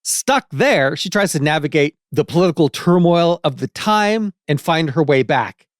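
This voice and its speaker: Animated male podcast co-host. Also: on the high side, normal speed, no echo, clean studio sound. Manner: laughs easily, swears casually. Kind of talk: casual chat.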